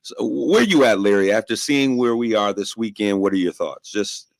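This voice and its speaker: Male talk host, rallying and emphatic, low voice, dry studio sound. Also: expressive, moderate pace, vocal fry, dry recording.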